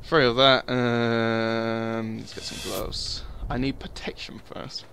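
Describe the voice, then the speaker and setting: A man's voice: medium pitch, flat delivery, slow, creaky, bright, forceful tone, slight background noise. A young man giving casual, sweary commentary over a survival game, muttering asides to himself. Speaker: gaming video host.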